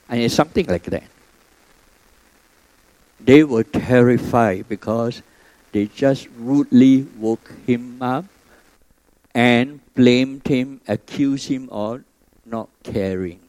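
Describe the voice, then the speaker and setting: Guy preaching, gets loud then goes quiet, mid pitch, dry close sound. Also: takes it slowly, pauses often, no echo, rough recording. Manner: animated storyteller, sudden loud and soft swings. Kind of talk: sermon.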